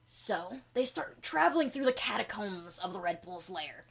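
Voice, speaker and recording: Gamzee, a woman as a gravelly, crude troll clown. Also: medium pitch, big pitch swings, moderate pace, fairly bright tone, full character voice. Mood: laid-back. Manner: slangy, profane, rambling retelling. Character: laid-back male troll clown, crude and easygoing. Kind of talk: in-character comedy recap.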